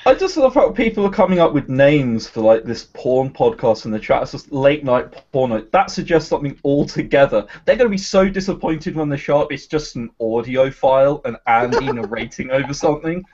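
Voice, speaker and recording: A man's voice: medium pitch, fairly quick, hardly any pauses. An English man in casual podcast chat, swearing a lot as he spins a story. His voice swings widely up and down, and the audio sounds dull and lo-fi, like an old livestream. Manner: swears freely, animated storytelling. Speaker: podcast co-host.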